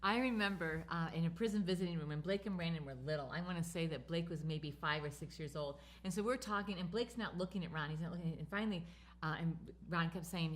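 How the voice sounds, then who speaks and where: A woman's voice: fairly low pitch, fast talker. A woman co-hosting a talk show, telling stories and affirming her partner. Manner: storytelling, warm affirming fillers. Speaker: co-host. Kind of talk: casual co-hosted talk.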